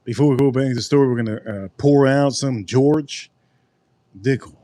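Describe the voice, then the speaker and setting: A man hosting a casual livestream drink review, rambling and joking with sudden animated outbursts. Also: mid-range voice, normal speed, no echo. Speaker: livestream host.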